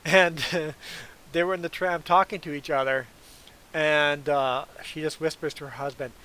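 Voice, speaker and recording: Chatty man streaming, slightly high voice. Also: fairly even intonation, measured pace, bright, forceful tone, clean tone, poor audio. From Canada. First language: German. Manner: chatty, rambling, laughs often. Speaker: trucker streamer answering chat. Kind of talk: casual livestream Q&A.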